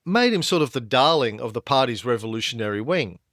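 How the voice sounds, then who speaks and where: Guy co-hosting a history podcast, storyteller vibe, gets louder and higher on the big points, dry close mic. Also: a little fast, no room sound. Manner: lively storytelling, rises in pitch when emphatic. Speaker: podcast co-host.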